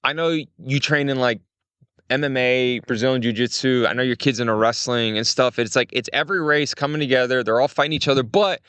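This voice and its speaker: A young adult man, chatting casually as a podcast guest, animated and acting out quotes with big pitch jumps. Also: brisk, clear, resonant tone, dry recording. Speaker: creative director, guest.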